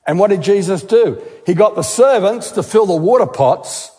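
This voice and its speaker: A man with a fairly high voice delivers a sermon. He speaks with emphasis, posing questions and repeating words to drive them home. His voice carries a long reverb, as if in a large hall. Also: lively intonation, moderate pace, darkish tone. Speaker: guest speaker, geologist.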